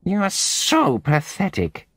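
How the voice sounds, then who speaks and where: A man voicing a spiteful middle-aged woman in an audiobook, with a high-pitched nasal voice and sneering delivery. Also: huge pitch swings, slow pace, a bit bright, dry recording, studio quality, full character voice. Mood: scornful. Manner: sneering, contemptuous.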